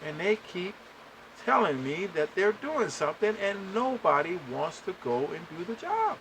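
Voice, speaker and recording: A podcast host with a fairly high male voice tells a long story at a normal pace, sounding animated and exasperated as he talks casually and directly to his listeners. There's noise in the background.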